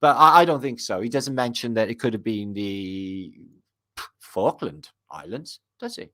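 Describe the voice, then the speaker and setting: A man reads passages from an old book and keeps interrupting himself with eager, rambling remarks to his audience. His voice is bright and forceful, and his talk is loose and full of ums and restarts. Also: on the low side, unhurried. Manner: excitable and rambling, with many fillers and asides to viewers. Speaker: video host reading from an old book. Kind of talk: casual commentary while reading aloud.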